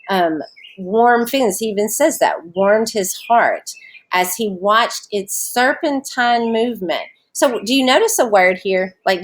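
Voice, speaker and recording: A woman with a Southern US accent teaches a literature lesson to students at home. Her voice sits at a middle pitch, and her talk is casual and conversational. She breaks the text down step by step and often stops to ask her listeners questions. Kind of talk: recorded remote lesson on a short story.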